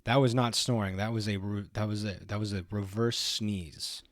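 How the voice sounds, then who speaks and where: A man's voice: lowish voice, fairly even intonation, normal speed, no room sound, clean studio sound. A man casually chatting to his viewers while streaming a video game, in a rambling, easygoing way. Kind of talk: casual let's play commentary.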